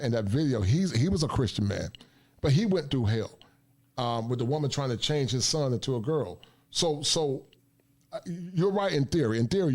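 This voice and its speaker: A man co-hosts a casual talk show. He halts and repeats words as he builds his point. His pitch sits in a middle range. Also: a little mellow. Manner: repeats words, halting restarts. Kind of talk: casual chat.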